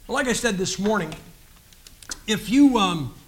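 A man's voice: sits high, animated, measured pace, a little hiss or hum. A man giving a personal testimony as a guest preacher, telling his story in an earnest, folksy way with frequent restarts.

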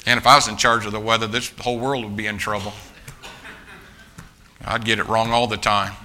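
Forceful, bright-voiced male preacher. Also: fairly low pitch, flat delivery, brisk, slight background noise. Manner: emphatic preaching, often restarting phrases and calling out to the congregation as folks. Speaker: pastor. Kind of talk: sermon.

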